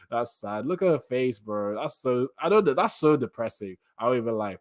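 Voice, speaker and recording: A man giving casual, excitable reaction commentary on a manga chapter, full of slang. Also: mid-range voice, moderate pace. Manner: excitable, slangy, reads panels aloud with bursts of laughter.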